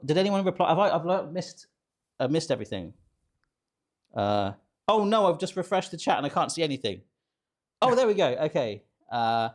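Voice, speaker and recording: Give me a chatty British man hosting a cooking stream. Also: fairly high pitch. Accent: British English. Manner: chatty, jokey and self-deprecating, reading viewer comments. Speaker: cooking show host. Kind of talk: live-streamed cooking chat.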